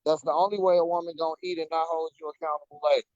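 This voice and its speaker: A man's voice: fairly high pitch, level tone, racing, darkish tone, no room sound, lo-fi sound. A man co-hosting a casual talk show, speaking emphatically and repeating words for stress. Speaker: podcast co-host. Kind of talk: casual conversation.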